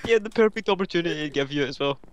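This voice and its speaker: A man gaming with friends, firing off fast dry jokes. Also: on the high side, expressive, slight background noise. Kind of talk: casual gaming chat.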